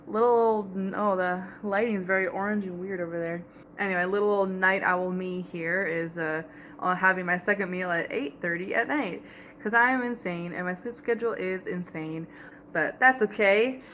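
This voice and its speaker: A woman's voice: fairly low pitch, moderate pace, fairly bright tone, slight background noise. A young woman vlogging in her home kitchen, talking casually into the camera mic in a rambling way and laughing often. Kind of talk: casual chat.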